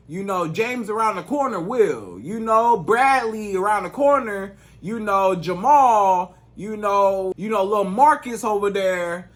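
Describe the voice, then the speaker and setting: A man with a high-set, animated voice speaks a little slowly with few pauses. He plays a dating coach, delivering emphatic, repetitive advice straight to camera in casual, slangy language as a direct-address monologue.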